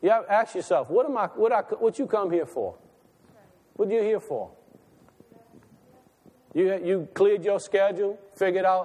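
The preacher's voice sits high, with a darkish tone and lots of expression, and he keeps a moderate pace while pausing often. His sermon in the church sanctuary is folksy and conversational before rising into impassioned calls, and the hall lends a long reverb.

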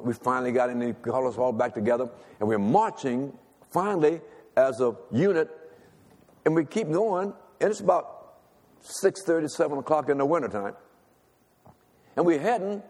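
A man's voice: medium pitch, darkish tone. An older male preacher telling a personal story in a sermon, talking conversationally and asking the congregation to respond. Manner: conversational, calls for audience response. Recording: long reverb of a large hall.

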